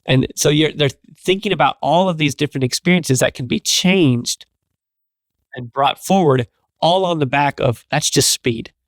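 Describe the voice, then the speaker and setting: A man guesting on an interview show, telling stories in an energetic, repetitive, casual way. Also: a little high, moderate pace, no echo, clean studio sound. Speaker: guest, business executive.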